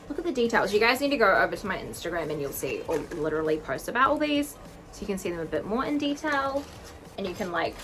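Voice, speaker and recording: A young woman in her twenties unboxing earrings on a casual vlog, gushing and gasping with excitement. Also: on the high side, a little hiss or hum, rough recording. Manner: gushing, excitable, gasps and squeals often. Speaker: vlogger unboxing jewellery. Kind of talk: casual chat to camera.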